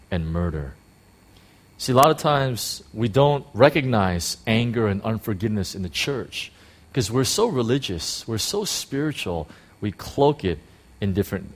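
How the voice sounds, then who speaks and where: A man pastor preaching a sermon in a conversational way, with rhetorical questions and quick acted-out quotes of churchgoers. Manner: acts out quoted church talk in sudden high bursts.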